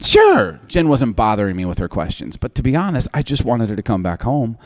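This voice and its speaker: A man's voice: mid-range voice, wildly swooping pitch, a little fast. A man in his forties, a pastor telling a funny, candid personal story in a sermon and often laughing. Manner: humorous, self-deprecating, candid.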